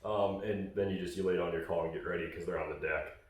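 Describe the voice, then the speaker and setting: A man's voice: low-pitched, steady tone, fast, very echoey, far from the mic. A man casually explaining goose calling in a hunting call tutorial, rambling with fillers and restarts.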